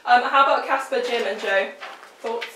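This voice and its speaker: A woman interviewing guests, briskly prompting each next question in an upbeat way. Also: fairly high pitch, noisy background. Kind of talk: casual interview. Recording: echoey room, mic far off.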